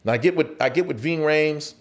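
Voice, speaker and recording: A man's voice: a little high, brisk. A man in his forties, an actor guest telling a story on a podcast, laughing often and acting out the voices of other people.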